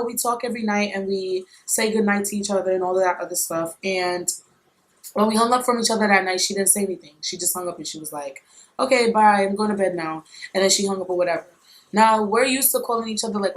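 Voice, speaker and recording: A woman vlogger telling a personal story in a blunt, animated, slangy way, with some swearing. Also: medium pitch, poor audio. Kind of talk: casual storytime.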